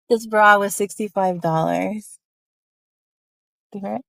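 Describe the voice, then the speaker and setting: A woman's voice: medium pitch, slow pace, vocal fry, a bit bright, dry recording, rough recording. Chatty young woman live streaming. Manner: chatty, rambling, lots of fillers. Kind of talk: casual live-stream chat.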